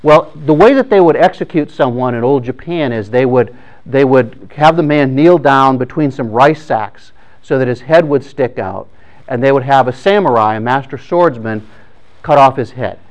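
A man's voice: mid-range voice, normal speed. A man telling a story in a sermon, speaking conversationally with frequent restarts.

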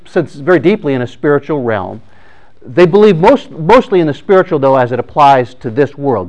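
A man's voice: medium pitch, darkish tone. A man telling a story in a sermon, speaking conversationally with frequent restarts.

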